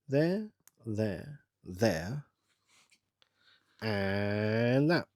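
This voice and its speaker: A middle-aged man, rambling to himself in a casual build-along chat with bursts of excitement. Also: lowish voice, very slow, dry recording, clean studio sound. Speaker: channel host.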